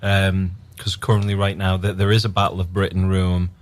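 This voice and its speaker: A man, an actor guest on a radio interview, talking hesitantly with many ums and pauses. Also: sits low, monotone.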